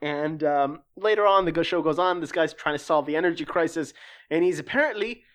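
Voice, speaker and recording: This is an offhand spoken review, full of restarts and filler. The speaker drifts into profanity and dry sarcasm, rising in pitch whenever something annoys them, and settles back to a middling register in between. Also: brisk. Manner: animated, pitch climbing when worked up. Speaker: show reviewer.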